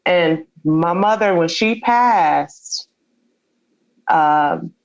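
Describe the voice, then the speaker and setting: In a muffled recording, a woman being interviewed speaks extremely slowly in a lowish voice. She shares a personal story with real feeling, performing the lines of dialogue she quotes.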